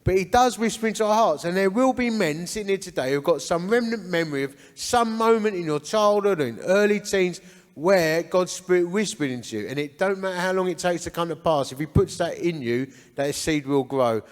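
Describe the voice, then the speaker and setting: This is a testimony from a men's ministry founder in his forties, addressing a church men's breakfast in a church hall. He comes from Essex, England, and speaks with an Essex English accent in a high-pitched voice, lively in intonation and a little fast, trailed by long reverb. He recounts his life story earnestly, in a conversational storytelling way.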